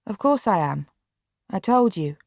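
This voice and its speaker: A woman's voice: mid-range voice, sing-song, a little slow, creaky, no room sound, clean studio sound, full character voice. A woman reading an audiobook, voicing a bedridden boy who is curt, impatient and grudging. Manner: curt, exasperated.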